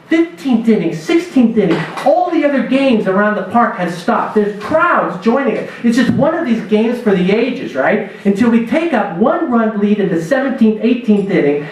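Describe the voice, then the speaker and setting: A man who teaches spirituality, telling a lively personal story to a church dinner gathering. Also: high voice. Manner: animated storyteller, acts out his own voice in quotes. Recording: echoey hall recorded from far off.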